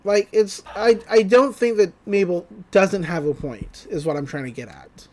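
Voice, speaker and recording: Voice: medium pitch, lively intonation, normal speed, a little mellow. A podcast host giving a casual, rambling episode recap, often laughing.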